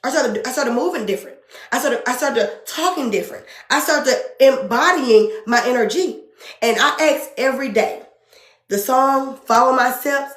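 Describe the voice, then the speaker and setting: A woman's voice: high voice, moderate pace, fairly bright tone. Passionate woman with an echoey sound. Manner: earnest, emotional, repeats phrases for emphasis. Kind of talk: passionate spiritual conversation.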